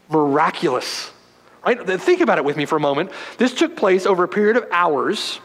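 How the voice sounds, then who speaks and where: A male pastor preaching a sermon, moving from loud, forceful emphasis to hushed, quiet passages. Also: very animated, fairly quick. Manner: dramatic preaching, swinging from loud emphasis to hushed low tones. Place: church sanctuary. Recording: long hall reverb.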